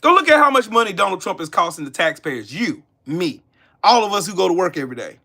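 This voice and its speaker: A political commentary host rants casually on his livestream, swearing, mocking, and calling out chat viewers by name. His voice is high-pitched and sing-song, gravelly yet bright and pushed, and he talks fast.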